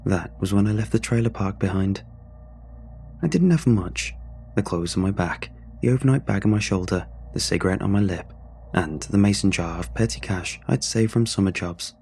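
A man narrating a scripted horror story in a measured, brooding way, with drawn-out pauses. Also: low voice, vocal fry, darkish tone, slight background noise. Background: faint music.

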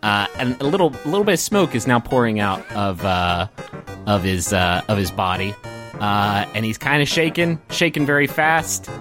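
A man narrating as game master, halting with many ums and uhs. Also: on the low side, big pitch swings, over music.

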